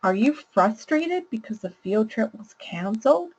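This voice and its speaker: A woman voicing a calm, understanding parent who gently names a child's feelings. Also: a little high, measured pace, slightly rough, muffled recording, full character voice. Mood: gentle. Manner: gentle, validating.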